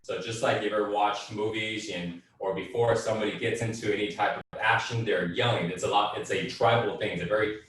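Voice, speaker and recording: Calm male workout coach in echoey room. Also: lowish voice, brisk, hardly any pauses, recorded from a distance. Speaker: fitness and breathwork instructor. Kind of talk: guided group workout instruction.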